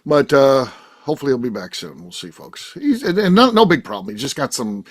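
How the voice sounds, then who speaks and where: A man's voice: mid-range voice, wildly swooping pitch, brisk. Chatty, teasing man hosting a talk show. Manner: chatty, teasing, trails off with fillers. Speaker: podcast host. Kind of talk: casual chat.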